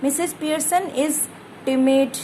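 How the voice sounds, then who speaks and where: A woman teacher explains a play's scene very slowly, stopping to define each difficult word. Her voice sits fairly high and she often restates her points. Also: fairly even intonation, dark tone, a little hiss or hum, poor audio. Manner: explains hard words one by one, repeats herself. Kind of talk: explaining a play to students.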